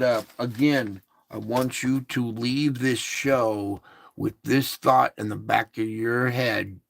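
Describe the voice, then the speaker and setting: A man's voice: on the low side, vocal fry, fairly bright tone, no room sound, studio quality. A man hosting an online show, talking in a casual, preachy monologue with emphatic rhetorical questions, recorded on a phone or laptop.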